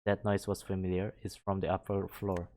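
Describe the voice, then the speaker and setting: A man from Malaysia, a streamer reading a visual novel aloud in a steady manner. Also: low-pitched, normal speed, a little hiss or hum. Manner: reads narration steadily, breaking off to laugh and comment. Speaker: VTuber streamer.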